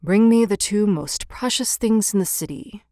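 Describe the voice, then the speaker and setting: A woman voicing God in a storybook, speaking slowly and solemnly. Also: high-pitched, a little mellow, dry recording, clean studio sound, close to an everyday voice. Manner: slow, solemn.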